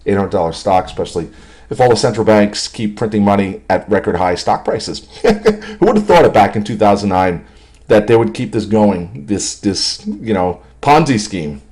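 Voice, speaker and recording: Animated, low-voiced male market commentator. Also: moderate pace. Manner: animated, jokey, self-amused, talks over charts. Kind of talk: stock market video commentary.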